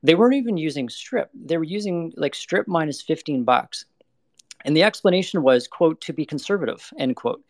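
A man's voice: a little high, animated, normal speed, no room sound. A man being interviewed about energy investing, talking bluntly and candidly, with lots of "like" and "you know.". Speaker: energy investment manager guest.

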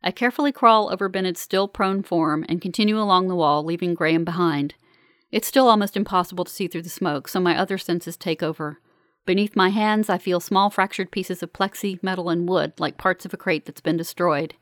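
A woman reading a first-person story aloud in a calm, measured, earnest way. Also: on the low side, no room sound, studio quality. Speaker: narrator. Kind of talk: first-person audiobook narration.

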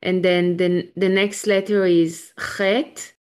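A woman's voice: on the low side, flat delivery, takes it slowly, darkish tone, clear, resonant tone. A woman from Israel, teaching a live online Hebrew class over a video call, patient and encouraging as she sounds out each letter step by step.

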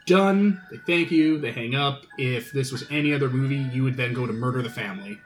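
A man's voice: medium pitch, brisk, noisy background. A man narrating as game master of a tabletop role-playing game, talking in a laid-back, casual way and swearing freely.

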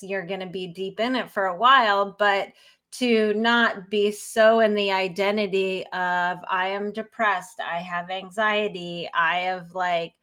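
A woman's voice: medium pitch, a bit bright. A woman speaks in an earnest, reflective way in a casual talk about grief. Her voice sits in a middle range. She brings more energy when she acts out the people she quotes.

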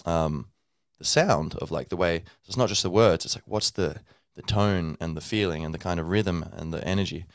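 A man's voice: deep voice, moderate pace, few pauses, dry recording, studio quality. A man hosting a podcast, speaking in a loose, rambling monologue full of fillers and sounding tired from little sleep. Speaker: podcast host.

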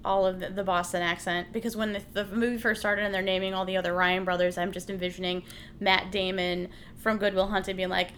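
Bright-voiced woman bantering about movies. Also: mid-range voice, little pitch movement, slight background noise. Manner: playful, chiming in with quick reactions. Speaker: podcast co-host. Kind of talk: casual movie discussion.

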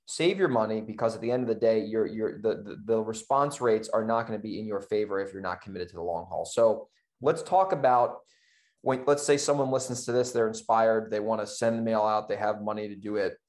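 A man's voice: on the low side, a little fast, a little mellow. A man, co-hosting a casual podcast conversation in a direct, conversational way. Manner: direct, conversational, says "dude". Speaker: podcast co-host.

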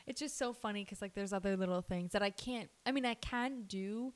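Young woman in her twenties, new nurse, bubbly and animated, casual chat. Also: mid-range voice, fairly quick. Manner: bubbly, animated, laughs often.

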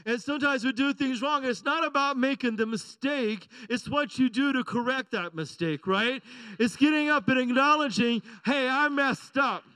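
A middle-aged man preaches with a high, bright voice. His delivery is conversational and playful, full of quick asides to the congregation. The sound is dry and close. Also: clear, resonant tone, no echo, rough recording. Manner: conversational, joking, asks the congregation "right?" and "amen?". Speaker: pastor. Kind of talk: sermon.

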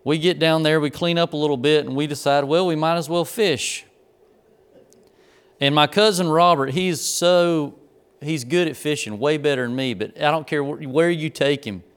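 A man with a fairly high, clean voice preaches a sermon at a normal pace. He tells a folksy personal story before moving on to the lesson, getting excited and laughing through the funny parts.

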